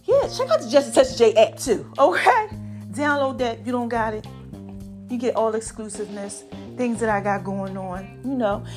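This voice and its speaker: A woman hosting a casual podcast, animated and drawn out, calling listeners baby and y'all, her voice a bit hoarse from allergies. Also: fairly high pitch, normal speed, soft background music. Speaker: podcast host.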